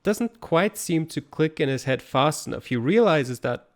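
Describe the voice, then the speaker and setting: A man giving calm, explanatory color commentary on an online geography game. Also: a little high, moderate pace. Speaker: esports co-commentator.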